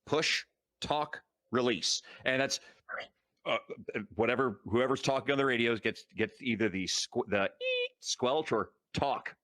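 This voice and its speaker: A man's voice: medium pitch, unhurried, a bit bright. A man playing a tabletop game, talking in a practical way and explaining rules. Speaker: player. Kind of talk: casual tabletop game chat.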